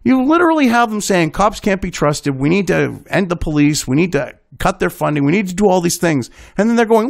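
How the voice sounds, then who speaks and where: A man with a high, animated voice rants through a commentary show. He swears freely and sounds indignant and sarcastic, with a pitch that leaps around. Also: brisk, gravelly, few pauses, no echo, studio quality. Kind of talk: profane ranting commentary.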